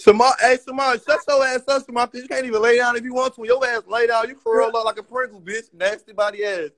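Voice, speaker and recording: A man's voice: very high-pitched, steady tone, fast, fairly bright tone, dry recording. A man hosting a live stream, trading profane roast insults with callers in a brash, trash-talking way. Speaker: livestream host.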